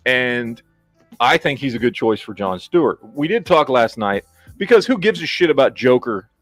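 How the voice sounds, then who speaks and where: A man in a casual podcast chat, blunt and profane as he rants. His voice is dry and close, with almost no room sound, and sits at an ordinary pitch. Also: sing-song, normal speed, no room sound, soft background music. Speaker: podcast host.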